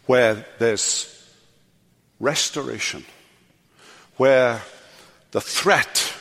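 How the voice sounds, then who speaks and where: An older man preaching a sermon as pastor, swinging from loud, animated passages to hushed, quiet endings. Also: medium pitch, big-room sound. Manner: animated preaching, rising loud then dropping to hush. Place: church sanctuary.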